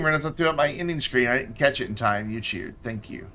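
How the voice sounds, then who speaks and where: With a voice on the high side, bright and forceful, a man streams a game live at a moderate pace with hardly any pauses, faint music behind him. Casually chatty, he thinks out loud, speaks to himself and to objects in the game, and mumbles and repeats as he goes.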